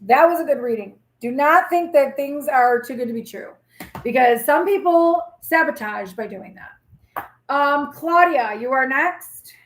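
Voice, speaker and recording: A woman's voice: sits high, animated, unhurried, reverberant. A woman in her forties hosting a casual live tarot reading, chatty, blunt and reassuring as she talks straight to viewers.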